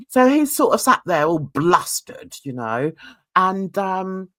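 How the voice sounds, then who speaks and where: Gossipy woman chatting about a reality show, bright voice, swings way up and down, blunt and cheeky, keeps laughing. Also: fairly low pitch. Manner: gossipy, animated, laughs often; blunt, uses cheeky slang. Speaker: reality TV reviewer. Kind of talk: casual commentary.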